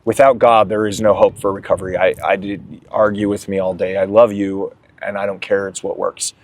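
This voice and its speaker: A man's voice: fairly low pitch, flat delivery, a little fast. A young man sharing his recovery story in a candid, emotional way as an interview guest. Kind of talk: candid testimony.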